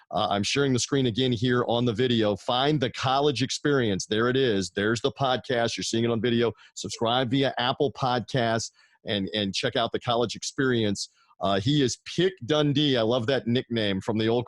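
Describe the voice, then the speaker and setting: A man's voice: mid-range voice, dry recording, clean studio sound. A man hosting a sports talk podcast over a video call, upbeat and busy plugging his guests' shows. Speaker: podcast host.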